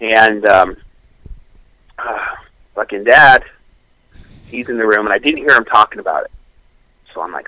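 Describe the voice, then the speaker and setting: A man's voice: lowish voice, moderate pace, pauses often, no echo, rough recording. A man telling a crude comic story on a radio show, cursing often and laughing as he goes. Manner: profane, animated, laughing through the story.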